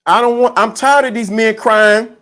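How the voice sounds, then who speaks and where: Male streamer with a high voice, emphatic and repetitive, riffing to his chat in casual talk. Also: moderate pace. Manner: animated, emphatic, repeats himself; greets chat viewers mid-sentence. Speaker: livestream host. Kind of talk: casual livestream commentary.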